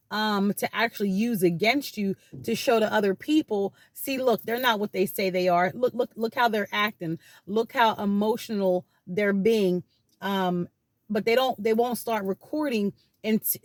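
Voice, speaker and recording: Woman host, mid-pitched, casual rambling explainer recorded dry in her car. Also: no room sound. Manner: rambling, many fillers and restarts. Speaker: channel host talking about healing from abuse. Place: in a parked car.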